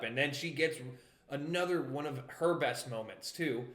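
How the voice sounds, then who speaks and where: A man's voice: fairly high pitch, moderate pace, a bit bright, reverberant. A young man co-hosting a podcast, talking casually and loosely about a TV show with frequent restarts. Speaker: podcast co-host. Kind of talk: casual chat reviewing a TV show.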